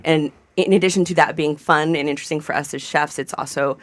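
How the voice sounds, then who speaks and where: A woman's voice: sits low, steady tone, quick pace. A woman chef talking casually on a radio panel, rambling with plenty of fillers. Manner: chatty, rambling with many fillers. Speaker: chef guest. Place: radio studio.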